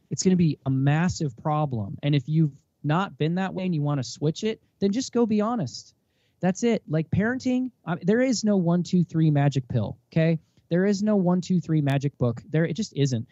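A man in his thirties, a podcast guest and parent, talking in an emphatic, animated way with preachy bursts, on a dull lo-fi recording. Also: fairly high pitch, dry recording. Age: 30s. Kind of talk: casual interview talk.

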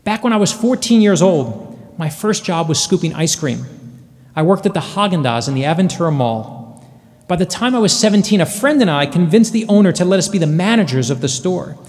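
A man in his forties delivers a commencement address with a notably high-pitched voice. He tells his stories earnestly and leans on dramatic pauses. The sound rings with the long reverb of a large hall. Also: animated, darkish tone. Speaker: commencement speaker.

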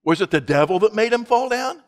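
A man's voice: high voice, animated, fairly quick, in a large hall. A male pastor preaching a sermon in an emphatic, conversational way, asking his congregation rhetorical questions.

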